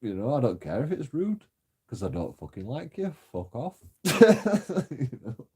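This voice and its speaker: A man's voice: mid-range voice, big pitch swings, unhurried, mellow, slightly rough. A young man telling a story in a casual, sweary rant, often laughing and mocking. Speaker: vlogger. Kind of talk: casual ranting monologue.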